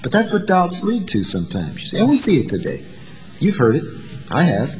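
Animated male preacher with a high, lively voice. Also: a little fast, in a large hall. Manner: dramatic, acts out voices of the disciples and doubters. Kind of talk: sermon.

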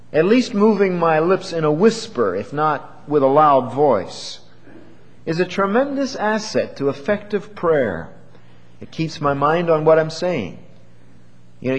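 A man preaching a sermon in an earnest, measured way, asking his listeners questions. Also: fairly high pitch, highs cut off. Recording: long hall reverb.

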